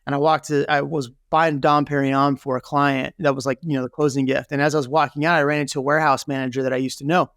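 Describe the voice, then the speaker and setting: A man's voice: mid-range voice, flat delivery, fast, few pauses, a bit bright, no room sound, clean studio sound. A man being interviewed as a guest, telling a candid story with lots of "you know" and "right?" fillers. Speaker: real estate team leader, guest.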